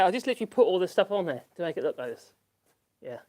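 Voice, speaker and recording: A woodworking channel host chats casually to the camera while working on a project in his workshop, rambling, chuckling, and talking to himself. His male voice is high-pitched, very animated, and quick.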